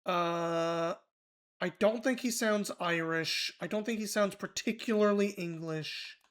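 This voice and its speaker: A man's voice: sits high, measured pace, fairly bright tone, smooth. A man streaming a mystery game, thinking aloud in loose, casual commentary with offhand swearing.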